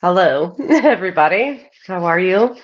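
A woman's voice: on the low side, animated, measured pace, muffled recording. A woman from Ohio, a podcast guest, chatting candidly and laughing often. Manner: giggly and candid. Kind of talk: casual podcast chat.

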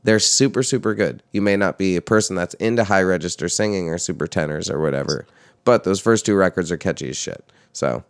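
A young man in casual chat about music, talking loosely with swearing and jumping up in pitch when he quotes himself. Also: gravelly, clean tone, no room sound, clean studio sound.

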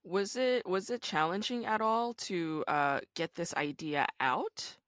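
A woman's voice: fairly low pitch, lively intonation, a little slow, fairly bright tone, no echo, clean studio sound. A woman interviewing an author in a casual chat, enthusiastic and affirming as she reflects on the book.

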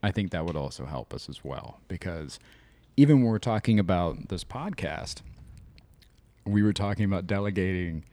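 A relaxed man in his thirties co-hosting a podcast, easygoing and profane, slipping into other people's voices when he quotes them. His voice sits low, and the recording is close and dry with no room sound. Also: normal speed, no room sound. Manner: loose, swearing, acts out quoted lines. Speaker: podcast co-host. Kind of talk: casual chat.

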